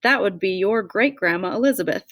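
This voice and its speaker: A woman voicing an affectionate, bossy older grandmother who talks loudly and fondly. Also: medium pitch, lively intonation, a little fast, natural voice. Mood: doting. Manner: loud, scolding then doting.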